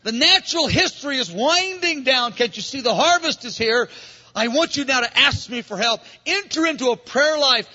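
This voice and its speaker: Preacher as a loving king, coaxing, earnest, high bright voice, echoing hall. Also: expressive, normal speed, dull audio, heavily acted. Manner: coaxing, earnest questions and commands. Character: loving king urging his bride onward.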